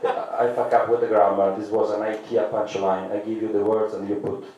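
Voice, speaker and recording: A man with an Italian accent doing a stand-up comedy set in halting, hesitant English. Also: on the low side, flat delivery, dark tone, distant mic, lo-fi sound. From Italy. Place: comedy club stage, indoors. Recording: roomy echo, mic from afar.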